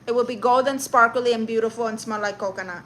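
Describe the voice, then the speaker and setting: A woman's voice: a little high, steady tone, fast, fairly bright tone, a little hiss or hum. A woman live streaming comedy who rants and roasts her viewers in a brash, sassy, mock-insulting way, with Spanish exclamations thrown in.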